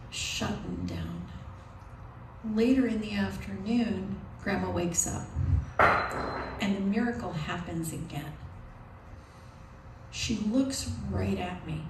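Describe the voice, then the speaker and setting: A woman telling a personal story live on stage, in a slow, deliberate, emotional way. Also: medium pitch, a little mellow. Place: live event venue. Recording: roomy live venue from a distance. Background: audience noise.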